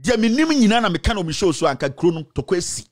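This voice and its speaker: Man, Ghanaian accent, scolding political rant, high voice, swooping intonation. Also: very animated, racing. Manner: emphatic, scolding, switches into Twi phrases. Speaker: political commentator. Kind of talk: heated online commentary.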